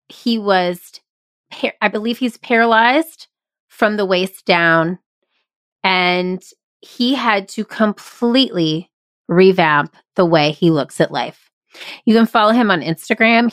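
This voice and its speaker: An energetic woman hosting a solo podcast, speaking in an emphatic, motivational way at a middle pitch. Her voice is recorded close on a podcast microphone in a small closet, with a dry sound and no room echo. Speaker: podcast host and improv workshop leader. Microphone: studio podcast microphone.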